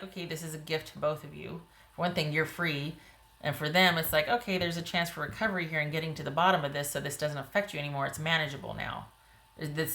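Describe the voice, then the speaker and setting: A woman giving a casual, rambling tarot reading to viewers, her voice getting a little hoarse. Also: deep voice, pushed and bright, echoey room. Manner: chatty, rambling, frequent "you know" and "like". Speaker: tarot reader.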